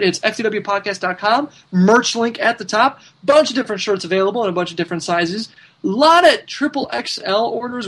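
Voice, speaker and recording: A man's voice: high voice, fairly bright tone, poor audio. A man hosting a wrestling podcast, chatting casually and jokingly, then running through plugs for the show. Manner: chatty, jokey, reads out plugs. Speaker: podcast host.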